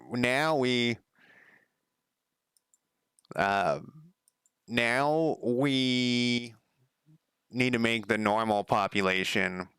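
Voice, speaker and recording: A man's voice: medium pitch, a bit bright, smooth, no echo. A man giving rambling, profane casual commentary while coding on a live stream, laughing at himself. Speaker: game developer streaming his work.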